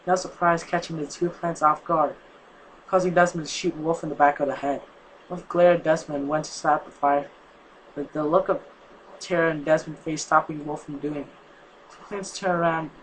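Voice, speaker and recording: A man's voice: on the high side, a bit bright, a little hiss or hum, poor audio. A man casually reading a fanfic aloud, stumbling and correcting himself, his voice strained from a sore neck. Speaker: fanfic reader.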